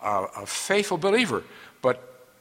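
Man teaching scripture, fairly high, animated voice, long hall reverb. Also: unhurried. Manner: earnest, explanatory, stresses key words. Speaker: Bible teacher. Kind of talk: expository Bible teaching.

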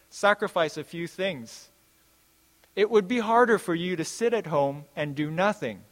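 A man with a fairly high speaking voice preaches a sermon with earnest conviction. He drives points home by repeating phrases and slows right down to quote scripture. His voice rings with the long reverb of a large hall.

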